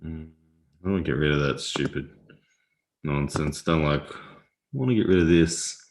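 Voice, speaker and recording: Casual live-stream host, male, extremely low voice, loose and laughing, roomy echo on the mic. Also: normal speed. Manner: chatty, laughs often, reads viewer comments aloud. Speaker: livestream host. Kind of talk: casual live-stream chat while playing chess.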